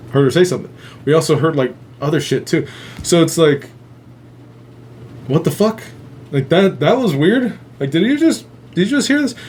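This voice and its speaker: A man's voice: mid-range voice, a little mellow. A man hosting a casual live stream, rambling with heavy swearing and frequent laughter, with a faint hum behind him. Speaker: host.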